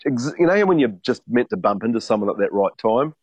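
A man's voice: medium pitch, animated, a little fast, darkish tone, slightly rough, no room sound. A man in his fifties from New Zealand, telling long rambling stories in a casual chat, with frequent restarts and swearing. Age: 50s. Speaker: podcast co-host. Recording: dry, muffled podcast audio.

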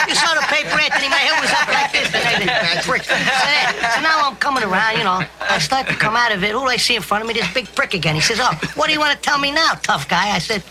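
Hot-tempered mob tough guy, lively swinging voice, restaurant buzz behind. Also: very high voice, heavy background noise. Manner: swaggering, then coldly menacing. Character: volatile menacing male mobster telling a story. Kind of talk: film scene played on a podcast. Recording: film clip with background ambience.

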